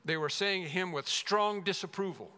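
A man preaching an expository sermon as pastor, emphatic, rising loud then dropping to a hush. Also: sits high, normal speed. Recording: long reverb of a large hall.

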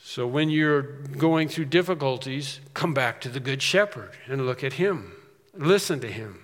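A man's voice: medium pitch, lively intonation. Man preaching in an echoing hall. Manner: preaching with sudden loud emphatic swells and slowed, drawn-out phrases. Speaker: pastor. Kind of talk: sermon.

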